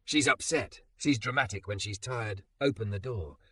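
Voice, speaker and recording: A man's voice: fairly low pitch, moderate pace, sharp tone, no echo, distant mic. A man voicing a menacing possessive ex-boyfriend who sounds falsely concerned and pushy.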